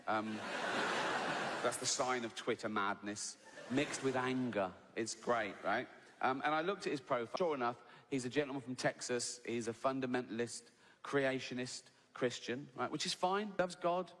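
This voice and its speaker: Sardonic British comedian mid-set, live in a big reverberant venue with clear crowd ambience. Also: male voice, medium pitch, moderate pace, a bit bright, a little hiss or hum. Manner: sardonic, mocking, building to incredulous outbursts. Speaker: stand-up comedian. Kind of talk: live stand-up routine. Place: large live venue with audience. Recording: live hall recording with audience ambience.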